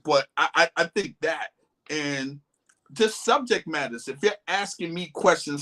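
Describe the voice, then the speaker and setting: A man chatting casually about a dating show, relaxed and easygoing, who sometimes mimics upbeat voices. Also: a little slow. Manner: laid-back, acts out voices going high and upbeat. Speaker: co-host guest. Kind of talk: casual chat.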